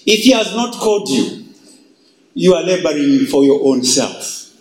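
A male pastor preaching a sermon, slow and emphatic, with dramatic pauses. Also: a little high, lively intonation, reverberant, slight background noise, rough recording.

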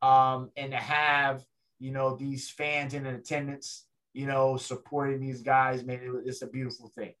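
A man's voice: mid-range voice, unhurried. A man, a ring announcer, telling a story in a casual interview and acting out the people in it. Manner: animated storyteller, acts out other people's voices.

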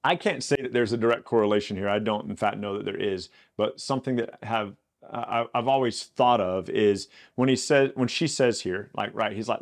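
A man's voice: lowish voice, normal speed. A man hosting a Bible podcast, reading scripture aloud and breaking off into casual, rambling commentary with restarts and asides. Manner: reads scripture then riffs with chatty asides; conversational, many fillers and restarts.

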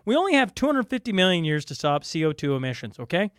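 A high-pitched man co-hosting a podcast, ranting with exasperation and stumbling over his words. His pitch swings widely as he talks. The sound is close and dry, with no room in it. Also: very animated, fast talker, no echo. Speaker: podcast co-host. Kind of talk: casual podcast chat.

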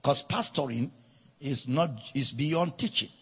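A man preaching a sermon as pastor, slow and emphatic, repeating key phrases for weight. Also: mid-range voice, a bit bright, breathy edge, big-room sound.

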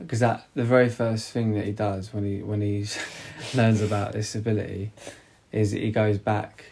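Gravelly low-voiced man chatting about a film. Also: level tone, darkish tone, slight background noise. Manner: rambling, halting, many restarts and fillers. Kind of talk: casual film discussion.

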